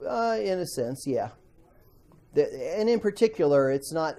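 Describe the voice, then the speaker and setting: A man teaching a Bible class to students, animated, acting out quotes and asking the class questions. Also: medium pitch, normal speed.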